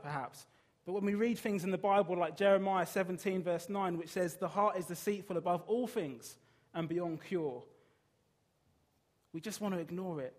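A man with a fairly high pitch preaches a sermon earnestly and emphatically, putting rhetorical questions to his listeners.

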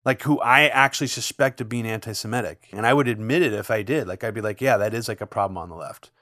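A man's voice: fairly low pitch, fast, pushed and bright, no echo, studio quality. A man in casual political chat, speaking thoughtfully and hedging with frequent fillers.

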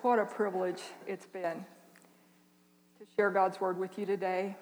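An older woman preaching a sermon, speaking slowly and earnestly with long pauses. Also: medium pitch, little pitch movement, long reverb tail, slight background noise. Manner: slow, earnest, with dramatic pauses. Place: church.

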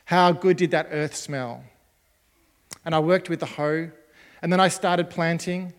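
High-voiced gentle male storyteller. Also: steady tone, a little slow, big-room sound. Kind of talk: storytelling for children.

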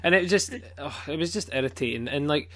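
A man's voice: a little high, expressive, a little fast, a bit bright. A man with a Scottish accent chatting casually as a podcast co-host, blunt, swearing a lot and rambling with plenty of fillers. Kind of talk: casual chat.

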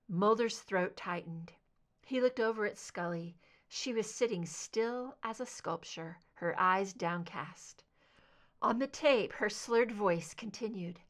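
Brief: woman audiobook reader, mid-pitched, steady fan fiction narration. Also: slow pace.

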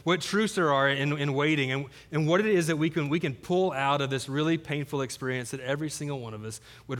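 A man's voice: mid-range voice, a bit bright. A man preaching a sermon as pastor, earnest, often repeating words as he builds his point.

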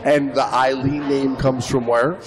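A man co-hosting a live podcast at a festival, loose and jokey, teasing his guests. His voice sits at an ordinary middle pitch, and clear music plays behind him throughout. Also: flat delivery. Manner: jokey, teasing, drawn-out words. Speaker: podcast co-host. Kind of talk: casual interview chat. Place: live event booth at a film festival.

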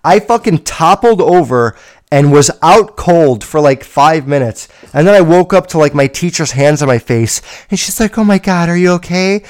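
Young man, podcast host, profane, blunt, rambling, slightly high voice, loud bursts then low mutters. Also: animated, normal speed. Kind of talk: casual solo podcast storytelling.

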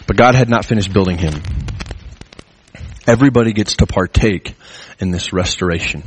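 A man preaching a sermon in an earnest way, his pitch climbing as he presses his points. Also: husky, dry recording. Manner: earnest, rising pitch when stressing a point. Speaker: pastor.

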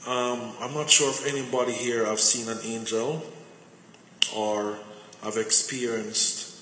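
A man's voice: medium pitch, fairly even intonation, unhurried, sharp tone. A man preaching a conversational sermon full of personal stories, often repeating words as he searches for them. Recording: echoey hall with faint noise.

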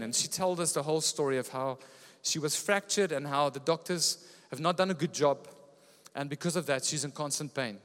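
A fairly high-voiced man preaches a sermon, telling stories in a lively way. His voice rings out in a church hall with a long echo. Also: brisk. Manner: lively storytelling preacher, often laughing. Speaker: pastor.

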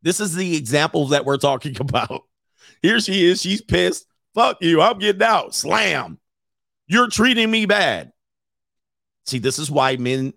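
Blunt, gravelly male stream host. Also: on the high side, no echo, clean studio sound. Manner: blunt, animated storytelling with put-on quotes and laughs. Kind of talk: casual reaction stream commentary.

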